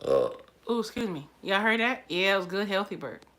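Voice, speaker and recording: A woman's voice: mid-range voice, huge pitch swings, moderate pace, a bit bright. A woman chatting casually on a live stream, emotional and repetitive. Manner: emotional, chatty, repeats herself. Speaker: livestreamer.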